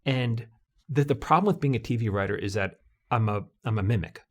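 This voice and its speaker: A man's voice: fairly low pitch, brisk. A middle-aged man, a TV comedy writer, telling stories in an interview and acting out what people said. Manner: animated storyteller, acts out voices in quotes. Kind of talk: conversational interview.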